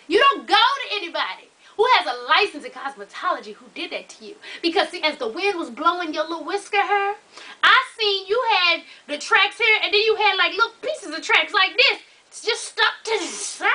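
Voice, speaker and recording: Sassy high-voiced woman gossiping. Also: animated, fairly quick. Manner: sassy, loud laughs, quotes people in put-on voices. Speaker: reality show recap vlogger. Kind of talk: casual profane gossip recap.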